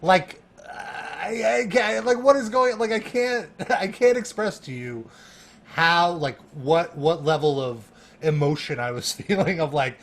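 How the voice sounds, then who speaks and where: A man guesting on a podcast, telling an animated story with laughter and lots of "like" fillers. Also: on the high side, measured pace, vocal fry. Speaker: guest, music journalist.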